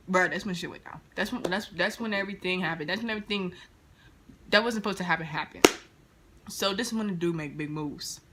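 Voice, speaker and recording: A young woman in a casual storytime vlog, retelling an encounter with lively slang and quoted dialogue. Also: lowish voice, noisy background. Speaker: vlogger. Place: indoors near a street, car noise outside.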